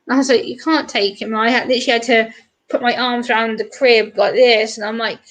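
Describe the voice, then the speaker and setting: A woman's voice: on the high side, little pitch movement, quick pace, fairly bright tone. A woman co-hosting a livestream, telling family anecdotes and greeting viewers by name. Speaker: livestream co-host. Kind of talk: casual chat.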